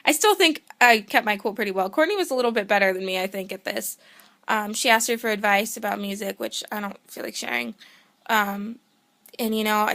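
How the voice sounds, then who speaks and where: A young woman telling a story in a casual vlog, excitable and rambling, often cutting herself off to start over. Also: medium pitch, gravelly. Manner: excitable, rambling, self-interrupting; gushing fan enthusiasm. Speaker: vlogger.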